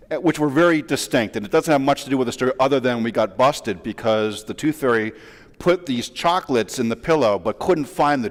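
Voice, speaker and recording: A man in his forties, a rabbi, giving a sermon as a relaxed, self-deprecating story full of asides. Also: mid-range voice. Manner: chatty, self-deprecating, with many fillers and asides. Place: large synagogue sanctuary. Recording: long reverb of a large hall.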